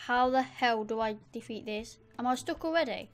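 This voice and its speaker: A woman giving chatty let's play commentary, easily excited and talking straight to her viewers. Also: fairly high pitch, moderate pace, few pauses. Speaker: gamer.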